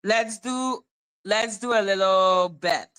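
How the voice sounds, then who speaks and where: A woman's voice: medium pitch, slow, a bit bright, smooth. A woman hosting a casual livestream, reading court documents aloud and bantering with her chat. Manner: chatty, muttering while reading, bantering with chat. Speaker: livestream host.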